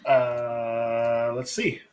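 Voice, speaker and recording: A man's voice: medium pitch, little pitch movement, extremely slow, a little mellow. A man playing a tabletop game, chatting casually, joking around and calling out his dice rolls. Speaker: player.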